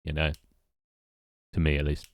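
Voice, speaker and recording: A young man with a British accent talks loosely and wryly as he works through tasks on his game. His voice sits low, and the sound is dry and close, with no room echo. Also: completely flat delivery, normal speed. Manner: rambling, wry, self-mocking. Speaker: game developer streamer. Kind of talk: casual live-stream chat while working.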